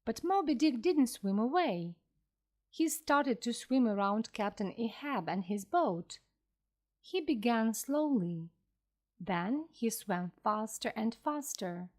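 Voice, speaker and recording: A woman narrates a classic tale for beginners of English, word by word at a slow, deliberate pace. Her voice is a bit high and rises and falls a great deal. She reads with clear, careful expression. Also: a little mellow. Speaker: audiobook narrator. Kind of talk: slow storybook reading for English learners.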